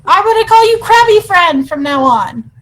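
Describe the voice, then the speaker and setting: Brief: excitable woman player, very high voice, laughs easily. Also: moderate pace, rough recording. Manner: giggly, excitable. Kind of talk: casual game-table chat.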